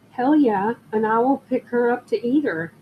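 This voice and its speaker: An older woman with a fairly high voice chats casually on her jewelry live stream, telling meandering stories and welcoming viewers as they join. The highs are cut off and there's a little hiss or hum.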